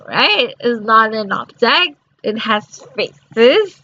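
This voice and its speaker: A woman's voice: fairly high pitch, animated, very slow, hardly any pauses, fairly bright tone, no room sound. Sleepy young woman rambling through study notes. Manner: rambling, with many fillers and restarts. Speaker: student reviewing course notes. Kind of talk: reading and explaining study notes aloud. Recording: slightly dull lo-fi audio.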